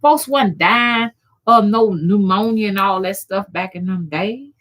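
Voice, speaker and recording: A woman's voice: mid-range voice, measured pace, fairly bright tone. A middle-aged woman, hosting a casual livestream chat, folksy and profane, greeting viewers by name. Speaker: rootworker and channel host.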